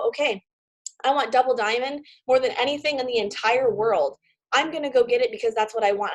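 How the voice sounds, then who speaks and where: An excitable woman fires up her sales team over a video call. Her voice sits a little high, and she gets emotional and laughs as she talks. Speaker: team leader. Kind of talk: motivational team talk.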